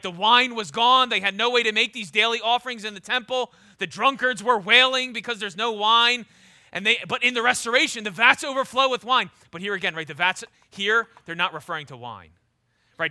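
Emphatic preacher man, high bright voice. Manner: emphatic preaching, swings from loud to low and intense; repeats words when starting a thought. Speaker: pastor. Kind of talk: sermon.

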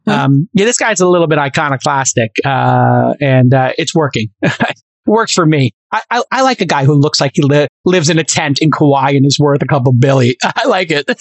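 A man co-hosting a podcast in casual chat, talking in an animated, emphatic and rambling way. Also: a little high, normal speed, no room sound. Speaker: podcast co-host.

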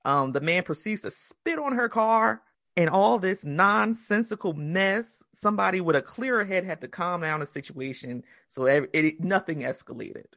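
Woman cohosting a podcast, loud swearing storyteller, dry close sound. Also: on the low side, normal speed, dry recording. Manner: profane, animated storytelling with put-on quotes. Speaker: podcast co-host. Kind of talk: casual chat.

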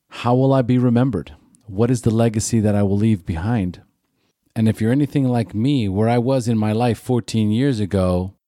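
A middle-aged man hosting a podcast, giving a personal recovery talk in an earnest, reflective way with slow deliberate phrasing. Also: sits low, dark tone, dry recording, studio quality. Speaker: podcast host.

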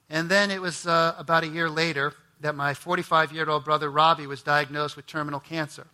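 A man's voice: flat delivery, brisk, hardly any pauses, sharp tone. A man telling a personal testimony as a sermon, earnest and storytelling, his voice climbing when moved. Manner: earnest storytelling, voice rising high when emotional. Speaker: ministry president.

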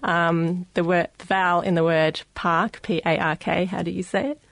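Australian woman explaining, low dry voice. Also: flat delivery, moderate pace, no room sound. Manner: explanatory, frequent ums. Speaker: guest linguist. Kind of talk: radio science discussion.

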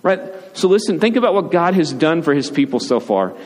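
Fairly high-pitched, very animated and a little fast, this pastor, an adult father, preaches in a conversational style. He keeps asking "right?" and performs short quotes, and the sound echoes in a hall with faint background noise.

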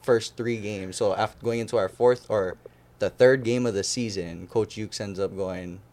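A man's voice: lowish voice, moderate pace. A young man from Hawaii telling stories as a podcast guest in casual chat, acting out the voices of the people he quotes. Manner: animated, acts out quoted voices.

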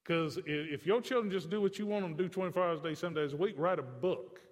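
A man's voice: sits high, racing, big-room sound. A man preaching a sermon to a congregation, with a conversational, joking manner. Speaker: pastor.

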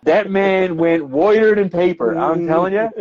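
A man's voice: sits high, moderate pace, a crowd in the background. A man with a Newfoundland accent, a plumber telling swearing, laughing work stories in casual podcast chat. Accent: Newfoundland English. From Newfoundland, Canada. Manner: animated, laughing storyteller with frequent fillers and swearing. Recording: slightly dull, dry podcast audio.

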